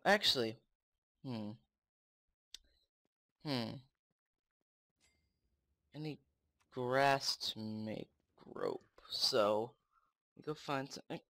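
A young man commenting on his own game play, excitable and swearing often, talking to the game. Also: mid-range voice. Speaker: gamer.

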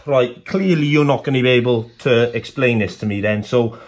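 A man's voice: mid-range voice, normal speed, voice pushed down, close to an everyday voice. A man putting on a Cardiff Welsh accent to play a stressed middle-aged male landlord on a prank phone call. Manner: flustered, repeats himself, keeps saying mate.

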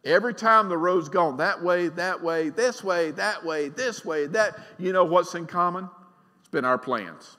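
A man's voice: high-pitched, measured pace. Emphatic middle-aged male pastor preaching. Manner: emphatic, swings from loud to quiet, asks the congregation questions. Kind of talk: sermon. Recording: long reverb of a large church hall.

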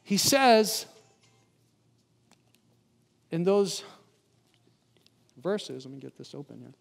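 High-voiced pastor preaching in an echoing hall. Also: male voice, big pitch swings, takes it slowly, gravelly, faint music behind. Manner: engaging, asks the congregation questions. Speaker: guest pastor. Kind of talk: sermon. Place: church sanctuary.

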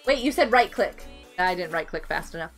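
A woman live streaming a game, excitable and giggly, chatting with her viewers. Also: lowish voice, brisk, faint music behind. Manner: excitable, giggly, talks to chat. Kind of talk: casual gaming live stream chat.

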